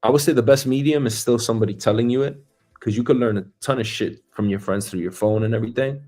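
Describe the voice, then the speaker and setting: A man's voice: a little mellow, soft background music. A man hosting a casual livestream, talking in a profane, rambling way and acting out little scenes. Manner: profane, rambling, acts out scenes with big pitch jumps and drawn-out words. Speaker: show host.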